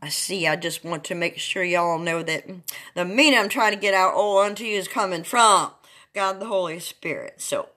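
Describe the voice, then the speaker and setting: A woman reading Bible chapters aloud in a sing-song, drawn-out dramatic way, breaking off for chatty asides to her listeners. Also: on the low side, pushed and bright. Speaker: Bible reader.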